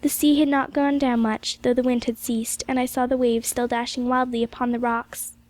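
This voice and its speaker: A woman narrates a classic novel as an audiobook, gentle and measured. Her voice sits high and the recording is close and dry, with no room sound. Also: level tone, no room sound. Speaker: audiobook reader.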